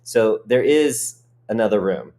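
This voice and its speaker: A man's voice: on the low side, lively intonation, measured pace, dark tone. A middle-aged man hosting a casual livestream chat from a hotel suite, rambling and joking at his own expense. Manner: chatty, rambling, self-joking. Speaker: host.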